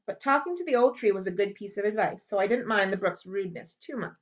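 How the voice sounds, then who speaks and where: A woman reading a children's novel aloud for a library, lively storytelling with character voices, on a dull lo-fi recording. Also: mid-range voice, quick pace, few pauses. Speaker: library read-aloud host.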